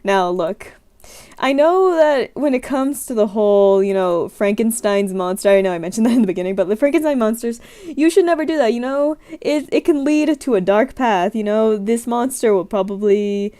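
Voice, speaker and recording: A woman's voice: a little high, normal speed, mellow, clean tone. A young adult woman streamer in her room, chatting casually through scenario questions in a rambling, giggly, self-deprecating way.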